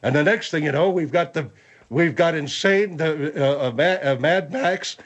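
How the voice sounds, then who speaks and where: Male panelist, husky and a touch high, blustery, lo-fi sound. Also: normal speed. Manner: blustering, fumbling for words. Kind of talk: comedic talk, blustering.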